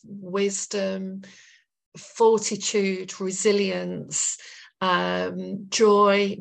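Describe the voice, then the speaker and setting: A woman hosts a podcast interview in a gravelly voice with heavy vocal fry. Her pitch sits fairly low. She speaks effusively and warmly praises her guest. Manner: effusive, thanks guest with long lists of praise. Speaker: podcast host. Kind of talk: interview talk.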